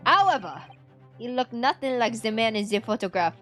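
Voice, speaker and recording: A woman playing a gruff, curt gang boss. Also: on the high side, expressive, normal speed, a bit bright, soft background music. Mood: dismissive.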